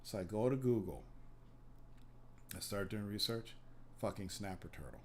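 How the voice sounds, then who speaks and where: A man's voice: on the low side, lively intonation, moderate pace, a little hiss or hum. A man hosting a podcast, telling long rambling stories in casual, profane chat. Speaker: podcast host.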